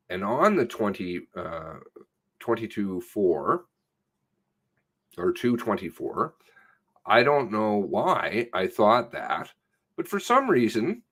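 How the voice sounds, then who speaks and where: A man, a police sergeant, recounts an incident in a recorded statement, stumbling and swearing as he goes. His pitch swings up and down with feeling. He speaks at an unhurried, drawn-out pace. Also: fairly bright tone. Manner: halting, profane, self-correcting retelling.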